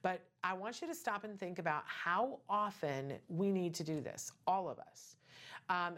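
A middle-aged woman hosting a casual talk show, chatty and emphatic with many asides and rhetorical questions. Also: fairly low pitch. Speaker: podcast host.

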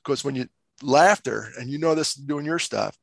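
A man telling stories on a podcast as guest, animated and acting out quotes in other voices. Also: medium pitch, moderate pace, vocal fry, slightly rough, dry recording. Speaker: guest speaker. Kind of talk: casual storytelling.

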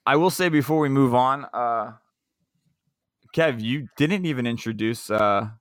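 A man's voice: medium pitch, a little slow, dry recording, studio quality. A man co-hosting a podcast, teasing the others in casual chat. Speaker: podcast co-host.

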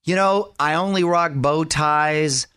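A man hosting a radio show, talking in an energetic, quick and playful way. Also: fairly high pitch, clean tone. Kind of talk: upbeat radio chat and show links.

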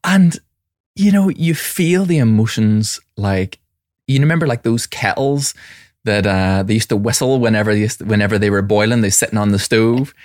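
A man's voice: fairly low pitch, fairly quick, no room sound, clean studio sound. A man speaking as a mindfulness teacher and separated father, telling reflective personal stories with frequent restarts in a conversational interview. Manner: reflective, warm anecdotes with many restarts.

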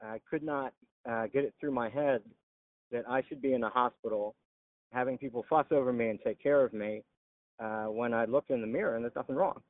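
A veteran telling his story in an interview, halting with frequent "uh" pauses. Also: medium pitch, dry recording. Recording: tinny phone-like line.

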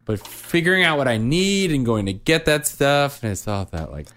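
A man's voice: medium pitch, sing-song, normal speed, a bit bright. A man in his thirties, a father chatting casually on a family podcast, rambling with many fillers and restarts. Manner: rambling, self-deprecating, lots of fillers and restarts.

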